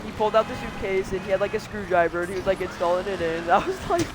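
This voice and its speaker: A man's voice: high voice, steady tone, racing, noisy background. A man co-hosting a podcast, telling a story in a rambling, casual way, full of fillers and bursts of laughter. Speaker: podcast co-host.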